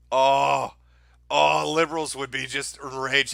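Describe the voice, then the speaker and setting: A man's voice: mid-range voice, expressive, moderate pace, bright, forceful tone, no room sound. A man hosting a commentary show, mocking the video clips he plays with profane, sarcastic remarks. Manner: mocking, profane, mimics people in sneering voices.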